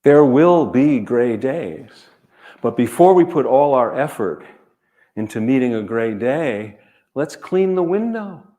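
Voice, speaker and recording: A man, an author, speaking to an audience in a measured, earnest way, telling stories and repeating key phrases. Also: mid-range voice, animated, mellow. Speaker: author giving a reading and talk. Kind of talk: reflective storytelling talk to an audience.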